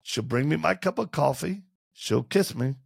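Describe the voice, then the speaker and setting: A man with a very gravelly, husky voice tells candid stories as an interview guest, lively and humorous. He slips into other voices for the people he quotes. The sound is close and dry. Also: fairly high pitch, moderate pace, dry recording. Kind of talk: animated storytelling in conversation.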